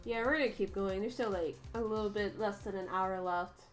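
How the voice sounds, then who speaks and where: A woman's voice: mid-range voice, fairly quick, soft background music. A woman streamer chatting casually with her viewers while playing a game.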